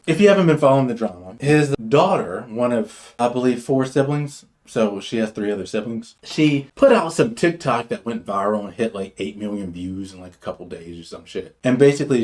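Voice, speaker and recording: A man hosting a commentary show, talking in a brash, swaggering and profane way, jumping from loud bursts to muttered asides. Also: mid-range voice. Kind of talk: opinionated commentary monologue.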